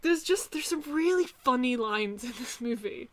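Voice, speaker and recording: A woman co-hosting a casual podcast about a film, animated and profane, laughing often as she talks. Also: high-pitched, normal speed, slight background noise. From outside North America. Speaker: podcast co-host.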